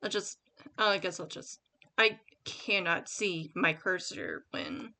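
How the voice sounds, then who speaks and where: A woman's voice: on the low side, slow pace, creaky, bright, forceful tone. A woman giving casual writing advice as the host of her own channel, rambling with many fillers and restarts. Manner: reads her own sample paragraph aloud. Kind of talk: casual screen-share tutorial.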